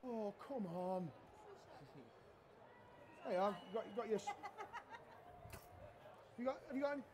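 A middle-aged chef with a strikingly high voice for a man, running a cooking demo on a trade show stage. He is a cheeky, loud-mouthed joker who teases his helpers and the crowd. Faint hall noise hums behind him. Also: moderate pace. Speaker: chef giving a cooking demonstration. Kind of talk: live cooking demo with banter.

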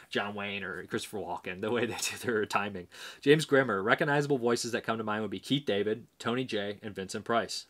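A man's voice: fairly low pitch, fairly bright tone. A man hosting a movie review vlog, talking casually and rambling, with plenty of fillers as he reads out viewer answers. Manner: rambling, hesitant, many fillers.

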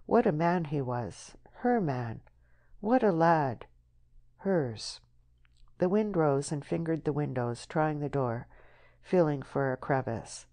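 Low, mellow woman narrating. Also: expressive, takes it slowly. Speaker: audiobook narrator. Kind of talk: scripted narration.

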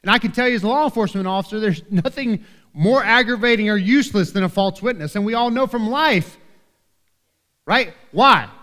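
A man with a high voice preaches in a church, his words ringing with long hall reverb. He talks to the congregation in an earnest, conversational way and keeps asking "right?". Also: brisk, fairly bright tone. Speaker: pastor. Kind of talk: sermon. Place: church sanctuary.

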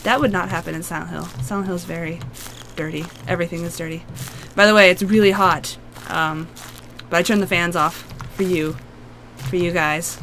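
A woman with a husky, hoarse voice from a long cough, giving a chatty, jumpy, self-mocking play-by-play of a horror game. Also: fairly low pitch, fairly even intonation, brisk, a bit bright, a little hiss or hum. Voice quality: husky, smoker-like voice. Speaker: gaming video host. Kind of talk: casual let's-play commentary.

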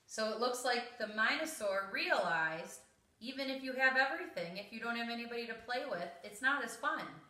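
A woman reading a rhyming picture book aloud to children in a slow, expressive, rhythmic way. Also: fairly high pitch. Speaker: story reader. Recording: roomy echo, mic at a distance.

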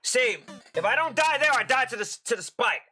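Young man, gameplay commentary, very high voice, bouncy animated delivery, frustrated outbursts, faint music behind. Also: normal speed. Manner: excitable, swings into loud frustrated outbursts and crude joking. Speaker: gaming channel host.

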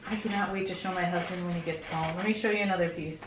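A middle-aged woman vlogging at home, gushing over gifts and often dropping into a hushed whisper. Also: on the low side, steady tone, quick pace, hardly any pauses, recorded from a distance, noisy background. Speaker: pet vlogger. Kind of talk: casual vlog, unboxing gifts. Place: bedroom at home. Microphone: camera mic. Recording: roomy home audio, slightly off-mic.

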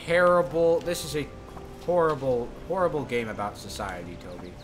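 A man streaming a game with friends, goofy and jokey with sudden loud outbursts. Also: medium pitch, normal speed, loud music behind the voice. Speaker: streamer playing a game with voice actors. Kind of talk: casual let's-play banter.

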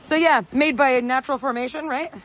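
Young woman from north dakota vlogging her trip, gets all excited, cusses casually, faint noise behind. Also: high-pitched, quick pace, poor audio. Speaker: travel vlogger. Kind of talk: casual travel vlog.

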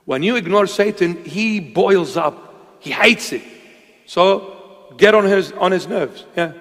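A man's voice: high voice, slow pace, fairly bright tone. A man preaching a sermon with impassioned, emphatic delivery, sometimes acting out voices. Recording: long hall reverb.

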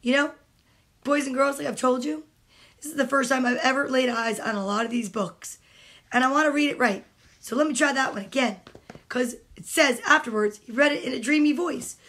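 A woman's voice: high-pitched, brisk, a bit bright. A woman at home reading picture books aloud to children, playful and chatty, speaking straight to the kids. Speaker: storytime host.

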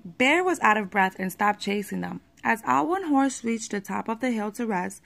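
A woman reading a children's picture book aloud at a steady pace, with the odd small slip. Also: on the high side, normal speed, gravelly.

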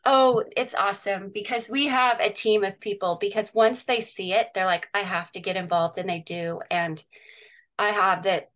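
A woman's voice: medium pitch, normal speed, a bit bright. Middle-aged woman, chatty, video call, talks while sharing screen. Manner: chatty, sharing her screen, with frequent um and laughs. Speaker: guest, parent activist. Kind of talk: casual video call interview.

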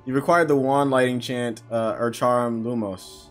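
A young man commentating a game playthrough, excitable and jokey, shouting out spell names. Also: medium pitch, moderate pace, soft background music. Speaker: gaming YouTuber. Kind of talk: let's play commentary.

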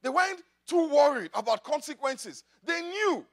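A man preaching a sermon in church, swinging from loud declarations to quiet asides. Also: very high voice, very animated, normal speed. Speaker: pastor.

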